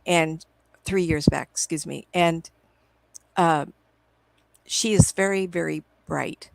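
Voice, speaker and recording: A woman's voice: low voice, takes it slowly, vocal fry, dry recording, low-quality recording. A middle-aged woman, a psychic medium, talks at home on a video call through her computer microphone. She tells long, wandering stories and acts out her past conversations as she goes. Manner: rambling, acts out remembered conversations. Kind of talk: casual interview storytelling.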